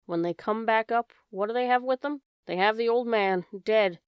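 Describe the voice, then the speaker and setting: A woman's voice: a little high, normal speed, smooth, dry recording, lightly acted. A woman reading an audiobook, voicing a tall, curt, scornful woman who keeps the castle keys. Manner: scornful and curt, then hushing.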